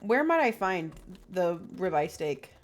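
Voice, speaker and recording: A young woman streaming a video game, talking in quiet, mumbled asides. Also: fairly low pitch, very animated, a little slow. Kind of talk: casual game stream chat.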